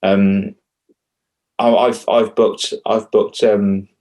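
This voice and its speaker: Brief: young man, low voice, animated coach, acts out dialogue. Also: very slow. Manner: animated, acts out quoted dialogue with big pitch jumps. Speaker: confidence coach for kids. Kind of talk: casual podcast interview.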